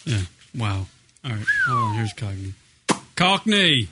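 A man's voice: mid-range voice, wildly swooping pitch, unhurried, bright, forceful tone, faint music behind. A man hosting a casual radio show, laughing and talking over his caller.

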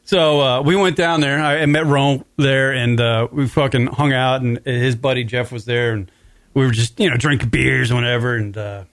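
A man's voice: medium pitch, fairly even intonation, moderate pace, fairly bright tone, no echo. A man hosting a podcast, telling a long rambling story in casual chat, swearing freely. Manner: profane, rambling, laughs mid-story. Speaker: podcast host.

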